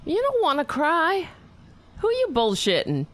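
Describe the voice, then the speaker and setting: A woman's voice: a little high, very animated, takes it slowly, fairly bright tone, a little hiss or hum. A woman giving casual commentary in a sarcastic, mocking, emphatic way.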